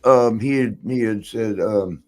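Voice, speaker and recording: Soft music plays behind a man in his sixties who hosts a podcast, his fairly low voice unhurried. He chats casually, wanders through anecdotes, laughs frequently, and drops into the voices of the people he quotes.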